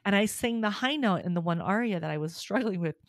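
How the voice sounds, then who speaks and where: A woman's voice: medium pitch, quick pace, dry recording, clean studio sound. A middle-aged woman, a soprano and voice teacher, chatting on a podcast and telling stories with lots of laughter and acted-out dialogue. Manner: lively storyteller, laughs often, acts out dialogue. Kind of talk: casual podcast chat.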